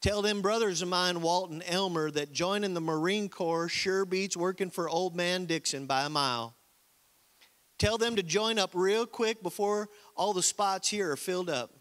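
A man with a high-pitched, fairly bright voice plays a naive young country-boy Marine recruit, putting on an American Southern accent. At a moderate pace, he reads the recruit's letter home in a folksy drawl as a comic bit within a sermon.

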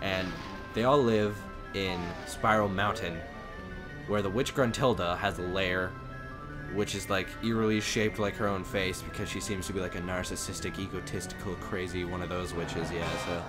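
A man hosting a let's play, commentating in an energetic, rambling, laughing way. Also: low-pitched, moderate pace, over music. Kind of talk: game commentary.

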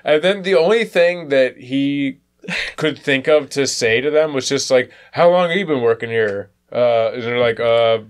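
A man co-hosting a casual sports podcast, telling stories in an animated way and mimicking the people he talks about. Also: medium pitch, moderate pace, smooth. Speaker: podcast co-host. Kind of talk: casual chat.

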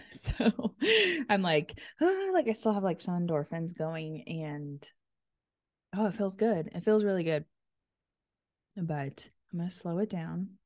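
A woman's voice: fairly low pitch, slow pace, long pauses, warm tone, no echo, clean studio sound. A woman in her thirties hosting a casual solo podcast, upbeat and chatty with lots of filler words, buzzing after a workout. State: energized after a workout class. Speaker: podcast host.

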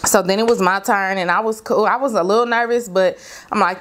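A middle-aged woman vlogger casually telling a story from her teenage years to her viewers, slangy and animated. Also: medium pitch, brisk.

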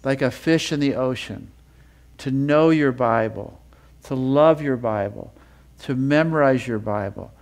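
Impassioned male preacher. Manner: impassioned, builds with repeated phrases; reads scripture in a slower, lower voice. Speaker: Bible teacher. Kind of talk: sermon teaching.

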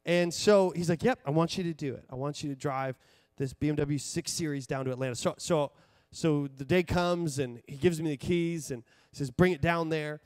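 A young man delivers his sermon as a loose, animated anecdote, stumbling over restarts and fillers. His voice sits high, and the sound is dry and close. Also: normal speed, no echo. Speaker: pastor. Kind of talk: sermon storytelling. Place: church stage.

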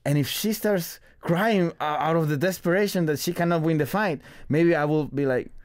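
A man's voice: a little high, normal speed, dry recording. Male radio guest, easygoing, laughing, close dry mic. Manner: laughs often, acts out quoted lines. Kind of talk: casual radio chat. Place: radio studio. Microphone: studio mic.

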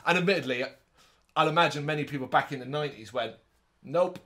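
A man co-hosting a podcast, chatting casually and recapping a movie in an animated way, with quick asides in put-on voices. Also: fairly high pitch. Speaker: podcast co-host. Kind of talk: casual movie review chat.

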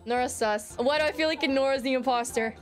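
A young woman hosting her gaming video, chatting excitedly and playfully accusing other players as she plays. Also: high voice, fairly quick, faint music behind. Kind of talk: casual excited game commentary.

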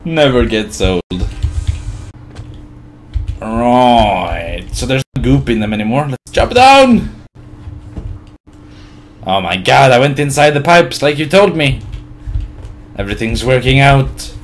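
A man giving gameplay commentary, muttering quietly between excitable, laughing outbursts at the game. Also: medium pitch, measured pace, pauses often. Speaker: let's play host.

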